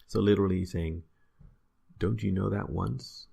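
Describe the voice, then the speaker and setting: A man with a deep, gravelly voice talks through a language lesson at an unhurried pace. His explanations wander with fillers and frequent "right?" checks, like a relaxed one-on-one tutor. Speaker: language teacher. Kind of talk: casual spoken lesson.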